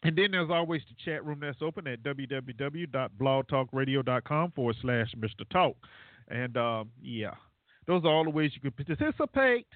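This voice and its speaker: A man's voice: mid-range voice, expressive, moderate pace, no echo. A man hosting a casual call-in talk show, rambling and laughing at his own jokes. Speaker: radio show host. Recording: dry, phone-like internet radio line.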